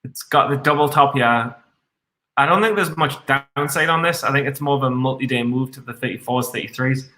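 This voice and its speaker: A man's voice: medium pitch, brisk, sharp tone. A man streaming his live stock trades, swearing constantly and reading chat aloud while a bit tipsy on red wine. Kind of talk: live trading commentary. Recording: echoey room.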